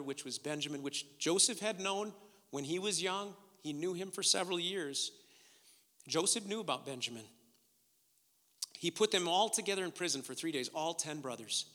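A man preaching a sermon, retelling scripture and swinging from hushed, intimate lines to loud, emphatic ones. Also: high voice, in a large hall. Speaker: pastor.

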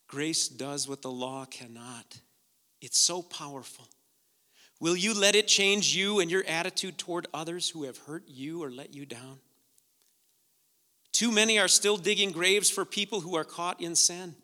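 Man, pastor, sermon, high voice, very bright tone, hushed to loud preaching, long hall reverb. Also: unhurried.

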